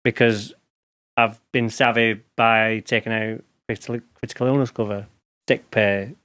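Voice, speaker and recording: A man's voice: fairly low pitch, steady tone, moderate pace, a bit bright, clean tone. A middle-aged man from England, a guest chatting casually in an interview, telling stories in informal slang. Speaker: podcast guest, lawn care expert.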